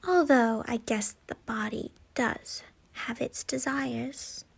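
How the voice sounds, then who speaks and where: A woman voicing a cruel, mocking dark witch who taunts in a sing-song way. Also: a little high, fairly even intonation, takes it slowly, gravelly, slightly rough, heavily acted. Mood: taunting.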